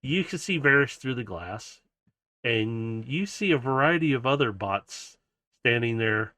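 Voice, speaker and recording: A man's voice: medium pitch, animated, a little slow, bright, forceful tone, dry recording, studio quality. A man narrating a tabletop game as game master, loose and chuckling, with fillers.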